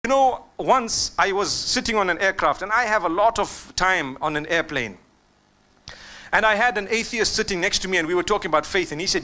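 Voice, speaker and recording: A man's voice: high voice, fairly quick, bright, forceful tone. A man preacher giving a humorous lecture to an audience, telling jokes and stories in a conversational way. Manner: joking, conversational storytelling. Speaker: Islamic preacher. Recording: echoey hall from a distance, faint background noise.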